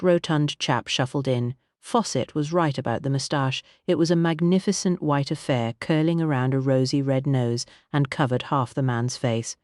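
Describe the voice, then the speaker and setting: A woman narrating a mystery novel as an audiobook in a measured, wry manner. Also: low voice, a little mellow, no echo, clean studio sound.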